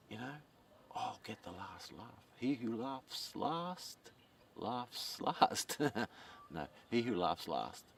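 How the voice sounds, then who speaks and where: Deep, slow-talking man with a gravelly voice, rambling to camera outdoors, heard from a distance with faint ambient noise. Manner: meandering, repeats words, swears, chuckles often. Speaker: vlogger.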